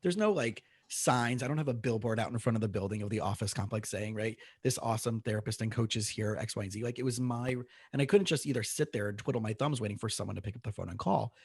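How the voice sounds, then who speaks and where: A man's voice: medium pitch, fast talker, gravelly, hardly any pauses, a little mellow, husky, dry recording, studio quality. A man, a therapist and coach, hosting a podcast interview and talking in a conversational way. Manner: conversational, often asks "right?".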